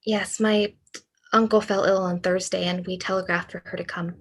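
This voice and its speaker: Woman reading a husky, lovesick young male writer. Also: fairly low pitch, flat delivery, normal speed. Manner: pleading, earnest delivery. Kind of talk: cold reading over video call. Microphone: computer mic on a video call.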